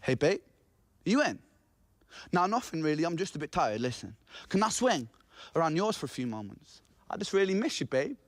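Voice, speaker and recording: A man's voice: a little high, very animated, a little fast, pauses often, no echo, pitched below the performer's own voice. A man singing as a volatile young street thug. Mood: coaxing. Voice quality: twangy, gritty. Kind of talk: sung storytelling. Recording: loud guitar music playing.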